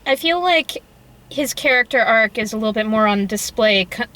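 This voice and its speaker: A woman's voice: on the high side, lively intonation, moderate pace, fairly bright tone. A woman co-hosting a casual movie review, mostly giving short agreeing replies. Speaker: co-host.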